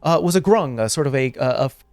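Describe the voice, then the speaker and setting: A man's voice: mid-range voice, animated, fast, a little mellow, no echo, faint music behind. A man narrating as game master of a tabletop game, rambling with many filler words.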